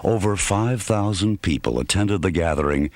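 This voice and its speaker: Man narrator, extremely deep voice, formal documentary narration, background noise. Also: expressive, normal speed.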